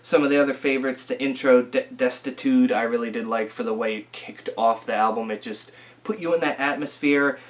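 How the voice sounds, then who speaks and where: A man's voice: medium pitch, brisk. Casual young man rambling album review. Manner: rambling, filler-heavy, self-correcting. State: recovering from illness, occasional coughing.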